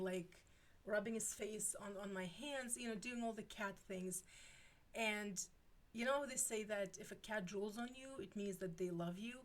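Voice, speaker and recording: A woman in her forties chatting casually with her viewers, rambling with many fillers and restarts. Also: medium pitch. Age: 40s. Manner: rambling, lots of filler words and self-interruptions. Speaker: streamer.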